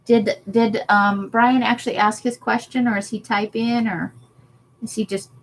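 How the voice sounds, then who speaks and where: A woman's voice: a little high, level tone, moderate pace, a little hiss or hum. A woman chatting casually on a craft livestream, laughing often as she answers viewer comments. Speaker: livestream host.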